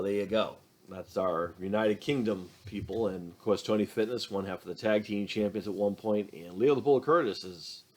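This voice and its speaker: A middle-aged man hosting a show and reading fan emails in a rambling, casual way, with many restarts and fillers. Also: fairly low pitch. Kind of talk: casual talk to camera.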